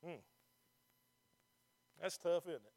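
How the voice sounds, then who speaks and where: A man with a notably high voice delivers a sermon as pastor. He preaches with emphasis, pressing the congregation with rhetorical questions. He is speaking to people seated in a church. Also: fairly even intonation, slow, dark tone.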